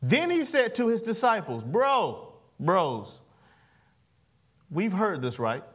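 A man's high-pitched preaching voice that swings widely up and down. He delivers a sermon in a playful, animated way, throwing questions at the congregation and waiting for their amens. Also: slow. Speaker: pastor. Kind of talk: sermon with call and response.

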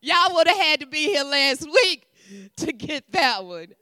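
A woman preacher, leading a sermon with call and response and swinging from loud calls to hushed whispers. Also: sits high, sing-song, measured pace, dry recording, clean studio sound.

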